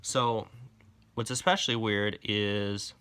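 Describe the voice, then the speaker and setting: A man rants through a comic review in a casual, exasperated way, swearing freely and dripping with sarcasm. His voice sits on the low side but comes out bright and forceful. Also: fairly even intonation, slow pace, clean tone.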